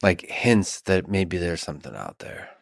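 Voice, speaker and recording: Deep-voiced man musing slowly. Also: big pitch swings, creaky, no room sound, studio quality. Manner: slow, musing, philosophical. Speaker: podcast host. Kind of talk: reflective interview chat.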